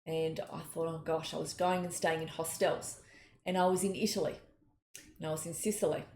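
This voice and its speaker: A middle-aged woman, a psychic giving an earnest, gentle spiritual talk and telling personal stories. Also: deep voice, flat delivery, normal speed. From Australia. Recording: echoey room, faint noise.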